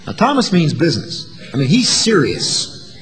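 A man's voice: a little high, wildly swooping pitch, normal speed, fairly bright tone, long reverb tail, faint music behind. A man preaching a sermon in a dramatic way, acting out the voices of the people in his story. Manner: dramatic, acts out voices of the disciples and doubters.

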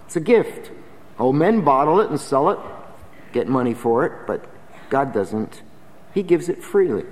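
A man's voice: fairly high pitch, long reverb tail. A man preaching a sermon in an earnest, emphatic, exhorting manner.

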